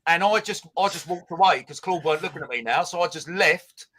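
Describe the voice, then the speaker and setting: A man, co-hosting a casual chat and telling an animated story. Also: on the high side, a little fast, low-quality recording. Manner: animated storytelling, laughing at his own tale. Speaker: co-host.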